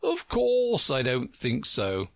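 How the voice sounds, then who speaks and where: A man voicing a pompous, touchy egg-shaped man in a storybook reading, drawling slowly and huffily. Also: mid-range voice, wildly swooping pitch, gravelly, no room sound, clean studio sound, full character voice. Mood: haughty. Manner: pompous, slow and huffy.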